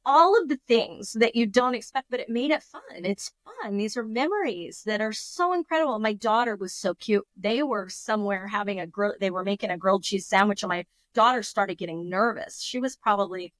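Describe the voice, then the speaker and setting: A woman in her fifties, a podcast guest telling a story in a lively, emotional way, with frequent restarts. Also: medium pitch, brisk, few pauses, no room sound. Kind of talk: casual storytelling.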